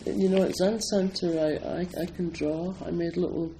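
An older man from Scotland talks in a relaxed, rambling way at a Zen centre, laughing often. His voice sits a little high and his delivery is slow and unhurried, full of asides. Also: noisy background. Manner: chatty, digressive, laughs often. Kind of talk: casual talk introducing a poetry reading.

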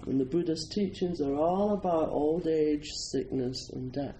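A man's voice: fairly high pitch, measured pace, warm tone, slight background noise, poor audio. A Scottish man from Scotland giving an informal, humorous Buddhist talk, telling stories and often chuckling. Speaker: Buddhist teacher.

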